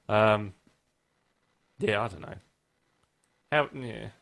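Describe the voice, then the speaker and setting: A man's voice: on the low side, huge pitch swings, very slow, vocal fry, a bit bright. Blunt, rambling man. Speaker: podcast co-host. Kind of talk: casual chat.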